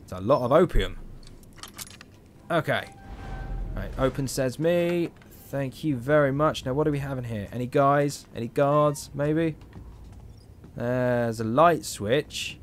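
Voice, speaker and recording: A man's voice: mid-range voice, slight background noise. A tired man giving rambling, joking commentary as he plays. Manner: rambling, joking, talks to himself. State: tired, yawning. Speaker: gameplay commentator. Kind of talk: casual game commentary.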